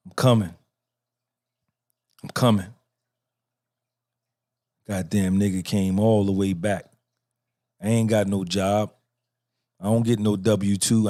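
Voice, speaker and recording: Speaking in a mellow, lowish voice, a middle-aged man hosting a podcast talks back and forth with himself through a repetitive, profanity-laced motivational monologue.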